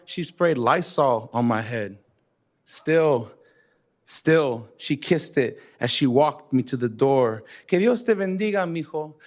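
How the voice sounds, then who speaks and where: A man performing a spoken word poem with rhythmic, emphatic delivery, slipping in Spanish phrases. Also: mid-range voice. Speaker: poet.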